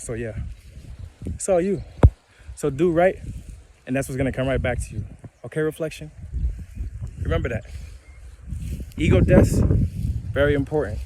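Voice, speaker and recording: A man giving a casual spiritual monologue outdoors, slow and emphatic, repeating phrases and laughing at himself. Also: fairly high pitch, background noise. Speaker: spiritual vlogger.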